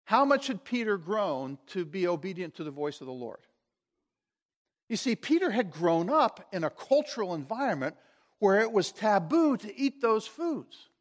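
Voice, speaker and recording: A man preaching a sermon, retelling a story and asking his listeners questions. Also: high voice. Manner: storytelling, animated, asks the audience questions.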